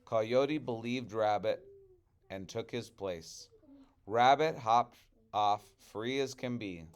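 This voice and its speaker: A male teacher reads a children's storybook aloud, expressive and chatty, breaking off to talk with his class. His voice is smooth and clear. He keeps an unhurried, steady pace. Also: lowish voice.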